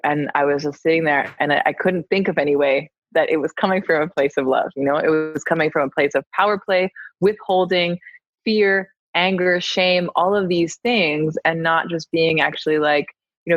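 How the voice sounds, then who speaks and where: A woman telling a candid personal story in conversation, animated and laughing often. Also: deep voice, moderate pace, no echo. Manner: animated, laughs often, acts out her own quoted lines. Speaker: podcast conversation partner. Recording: dull, dry lo-fi sound.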